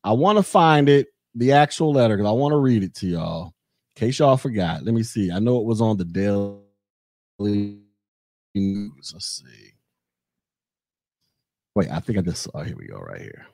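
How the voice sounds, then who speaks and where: A man's voice: lowish voice, moderate pace, creaky, long pauses, dry recording, studio quality. A man hosting an opinionated commentary podcast, talking sarcastically and straight to his listeners. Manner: sarcastic, animated, addresses listeners as y'all. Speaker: podcast host.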